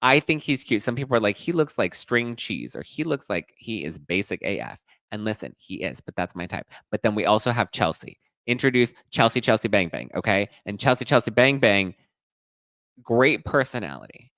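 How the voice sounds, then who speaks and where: A man hosting a podcast and dishing gossip in a sassy, animated way, acting out quotes in different voices. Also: on the low side, normal speed, gravelly, no echo. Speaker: podcast host. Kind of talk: casual gossip commentary.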